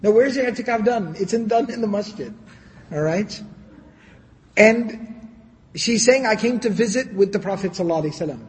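Animated high-voiced man lecturing. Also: slight background noise. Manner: animated, sarcastic asides, recites Arabic quickly. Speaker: Islamic lecturer. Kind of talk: storytelling lecture. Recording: long hall reverb.

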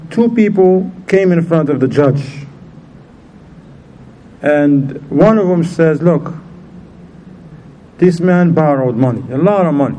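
Man, religious teacher, storytelling, quizzes listeners, acts out voices, mellow tone, faint background hiss. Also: on the high side, expressive, a little slow, pauses often, low-quality recording. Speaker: Islamic teacher. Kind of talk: informal religious lesson.

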